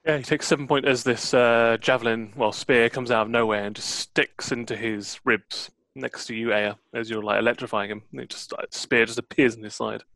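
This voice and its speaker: Man, gravelly-voiced game master, close dry sound, easygoing narration. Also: medium pitch, a little fast, hardly any pauses, no echo. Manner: relaxed, laughs often while narrating. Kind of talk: running a tabletop game.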